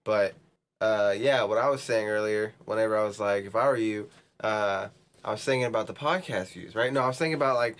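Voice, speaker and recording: Casting: lower-pitched male co-host, rambling sarcastic banter. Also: a little fast, a bit bright. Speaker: podcast co-host. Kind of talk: casual chat.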